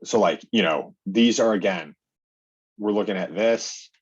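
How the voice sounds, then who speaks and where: Chatty low-voiced man explaining trading charts. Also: a little slow, breathy edge, muffled recording. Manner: chatty, heavy use of "like" and "okay", acts out his own reactions. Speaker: day trading educator. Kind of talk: casual screen-share chart walkthrough.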